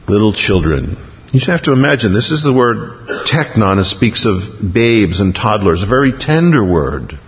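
A man preaching an expository sermon, telling the story vividly, his voice swinging up in excitement and dropping low and soft. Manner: animated storytelling, often rises then drops low and soft. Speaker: pastor. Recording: reverberant hall, dull lo-fi sound.

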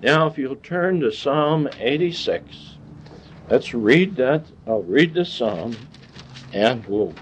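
A man teaching a Bible lesson like a sermon, deliberate and teacherly, putting questions to his class. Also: medium pitch, slight background noise. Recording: dull lo-fi church recording.

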